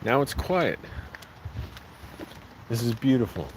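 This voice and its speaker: A man's voice: medium pitch, very animated, takes it slowly. A man talking casually to his phone camera as he walks through neighborhood streets, rambling from one thought to the next. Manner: rambling, talks to the camera while walking. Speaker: vlogger. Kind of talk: casual walking vlog. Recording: outdoor street recording with clear background noise. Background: passing traffic and outdoor street noise.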